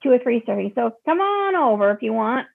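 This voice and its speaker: A woman's voice: on the high side, big pitch swings, a little fast, creaky, narrow, tinny audio. A woman chatting in a casual group call, rambling and self-deprecating.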